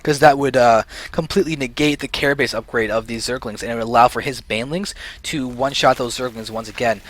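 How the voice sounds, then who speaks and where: A young man giving solo play-by-play commentary on a strategy game, excitable and short of breath, speeding up then slowing down. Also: mid-range voice, dry recording. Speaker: esports caster.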